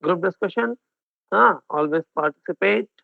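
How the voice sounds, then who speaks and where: This exam coaching teacher speaks Indian English in a high, gravelly male voice at a slightly fast clip. Blending Hindi with English, he keeps checking on his students during the online lecture, which comes through thin and phone-like, dry, with no room sound.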